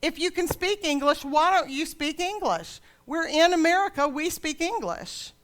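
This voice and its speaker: A woman's voice: sits high, expressive, moderate pace, fairly bright tone, voice pushed up. A woman preacher acting out a rude, indignant middle-aged woman who speaks scornfully. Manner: scornful, confrontational.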